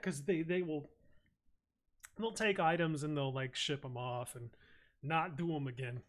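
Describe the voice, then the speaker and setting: A man's voice: on the high side, a little slow, pauses often. A man streaming, telling a rambling, crude and absurd comic story full of swearing. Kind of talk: casual comedic rant.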